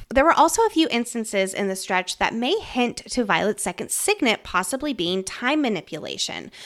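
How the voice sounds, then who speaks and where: A woman's voice: medium pitch, a bit bright. A woman co-hosting a book podcast, talking enthusiastically and weighing theories about the story. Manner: enthusiastic, analytical. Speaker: podcast co-host. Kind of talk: casual book discussion.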